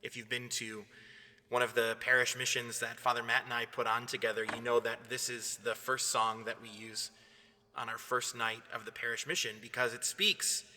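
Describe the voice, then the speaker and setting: A man, a priest, giving an earnest, measured devotional reflection. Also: mid-range voice, level tone, sharp tone. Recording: long hall reverb.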